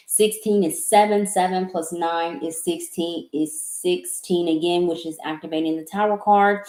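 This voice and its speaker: A woman's voice: lowish voice, warm tone. A woman giving a live-streamed tarot reading. She stammers and repeats words, and she sounds apologetic and emotional. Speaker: tarot reader. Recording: echoey room.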